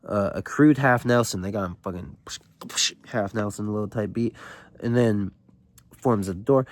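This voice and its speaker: A man's voice: on the low side, normal speed. A man hosting a casual read-along, reading from a novel and commenting in loose, slangy, rambling talk with many fillers. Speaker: host reading a novel aloud.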